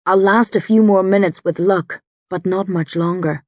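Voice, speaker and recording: A woman voicing a wounded older male druid, gruff and stubborn, speaking low and strained in an audiobook. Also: steady tone, normal speed, a little mellow, no room sound, natural voice.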